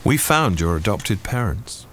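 An actor playing a priest who questions a suspect in a measured, probing, sardonic way. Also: male voice, on the low side, sing-song, slight background noise. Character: shrewd male priest interrogating a suspect. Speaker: priest investigator.

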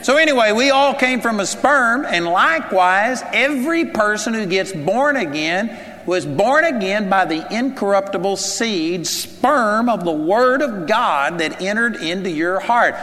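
High-voiced preacher man in a reverberant hall. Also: expressive, measured pace, pushed and bright. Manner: earnest, conversational preaching with rhetorical questions. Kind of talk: sermon.

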